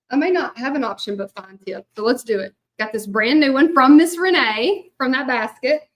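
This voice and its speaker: A woman chatting casually to viewers while she hand-letters a sign, full of fillers and "y'all". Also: on the high side.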